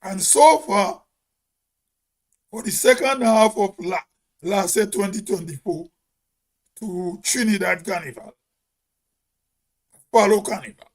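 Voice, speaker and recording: A man with a Grenadian accent giving an emphatic opinion monologue as host, with a big, loud voice and rhetorical questions. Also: sits high, measured pace, long pauses.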